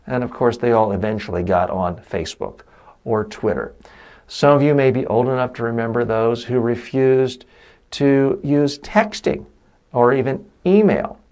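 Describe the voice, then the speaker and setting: A middle-aged man as a course instructor, lecturing in an emphatic, animated way with quoted asides. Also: medium pitch, moderate pace. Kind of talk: recorded lecture.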